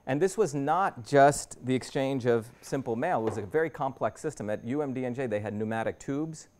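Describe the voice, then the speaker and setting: A man's voice: mid-range voice, brisk, darkish tone. Man in his fifties giving a conversational lecture. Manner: conversational, walks through slides with frequent restarts. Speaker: invited guest speaker. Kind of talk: lecture to a university audience. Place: university lecture room.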